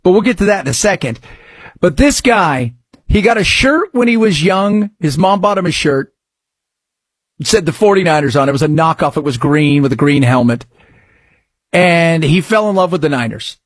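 Talk radio host, male, husky and a bit high-pitched, excitable rambling delivery. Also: normal speed, no room sound. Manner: excitable, rambling, riffing on sports news.

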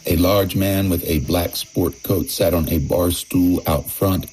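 A man's voice: low-pitched, steady tone, measured pace, a little mellow, soft background music, poor audio. A man narrating a personal anecdote in the first person, in a wry, emphatic manner. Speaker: storyteller.

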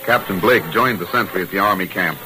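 A man's voice: low voice, fairly quick, rough recording. A man narrating a vintage radio drama in a vivid, dramatic storytelling manner. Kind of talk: scripted narration. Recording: old radio broadcast with music.

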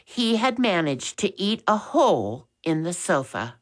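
A woman reading a children's storybook aloud, expressive and gentle. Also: lowish voice, unhurried. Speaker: narrator.

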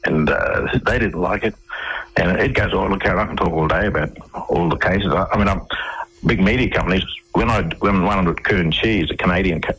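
An Australian man with a very low, husky voice tells his stories to a radio host. He rambles, stalls on fillers and starts his sentences over. The sound carries a radio broadcast quality. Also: brisk, a bit bright, low-quality recording. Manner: rambling, with many fillers and restarts. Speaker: radio interview guest. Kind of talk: conversational storytelling.

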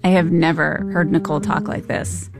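A woman host delivering scripted podcast narration in a measured voice with pointed rhetorical questions. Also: low voice, level tone, vocal fry, music in the background.

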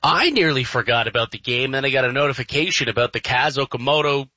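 A man's voice: medium pitch, fast, no echo, dull audio. A man co-hosting a sports talk show, talking casually and venting with exaggerated outrage. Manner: animated, vents with exaggerated outrage. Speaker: sports radio co-host.

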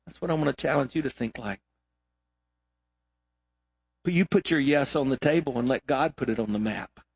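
A middle-aged man preaching a sermon as pastor, emphatic, swinging between loud exhortation and quiet asides. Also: medium pitch, moderate pace, husky, dry recording.

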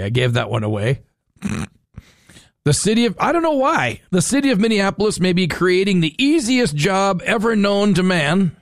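A man with a fairly high voice hosts a talk radio show from a studio, joking and rambling through casual banter with loose restarts. The studio-mic recording is dry.

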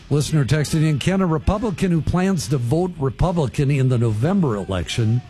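In a radio studio, a man with a mid-range, dark-toned voice hosts a talk show, chatting easily with listeners and riffing on the news with folksy asides.

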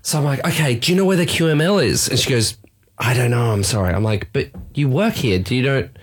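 Lively Australian man telling a story. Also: medium pitch, fast talker. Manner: animated, acts out dialogue, laughs at himself. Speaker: podcast co-host. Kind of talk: casual storytelling chat.

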